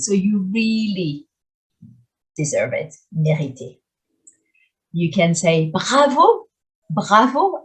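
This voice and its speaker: A woman teaching French phrases in a video lesson, speaking clearly and deliberately and repeating each phrase slowly for pronunciation. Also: mid-range voice, a little mellow.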